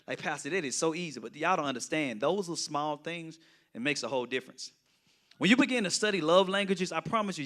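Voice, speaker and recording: Bright-voiced pastor. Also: male voice, fairly high pitch. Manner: conversational, often asks the audience "right?". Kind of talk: teaching Bible study.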